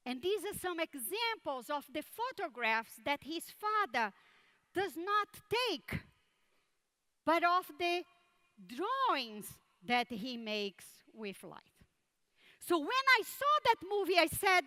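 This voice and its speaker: Slow, bright-voiced woman giving a keynote. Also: high voice, sing-song. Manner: measured, deliberate, repeats words for emphasis. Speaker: conference keynote speaker. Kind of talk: keynote speech with storytelling.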